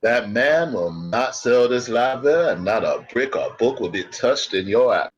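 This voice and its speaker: A man's voice: medium pitch, lively intonation, moderate pace, husky, highs cut off. A man voicing an eager, shy male helper who fakes a cowboy drawl over a Boston accent, polite and folksy. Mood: earnest. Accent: put-on cowboy drawl over Boston.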